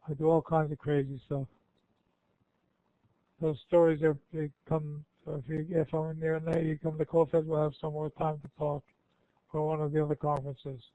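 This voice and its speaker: A man's voice: a little high, creaky, no echo. An older man giving an informal, rambling question-and-answer talk to students, folksy and often correcting himself. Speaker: guest speaker. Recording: tinny phone-like line.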